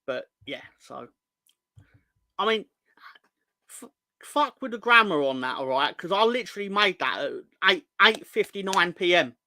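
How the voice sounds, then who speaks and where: Man, fan stream host, bright pitch, dry close sound, cheeky rambling banter. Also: expressive, a little slow, long pauses, no echo. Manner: rambling, jokey, sweary banter with chat. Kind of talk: casual live-stream chat.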